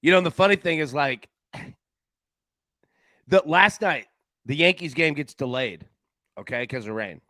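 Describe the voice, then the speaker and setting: A man's voice: on the high side, normal speed, long pauses, no room sound. A man hosting a sports betting show, chatting casually in a loose, slangy way. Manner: animated, loose and slangy, lots of "man" and "dude".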